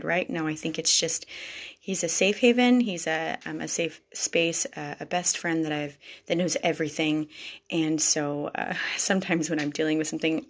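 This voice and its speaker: Gravelly low-voiced woman, earnest confession. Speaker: vlogger speaking to wives. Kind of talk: personal faith storytelling.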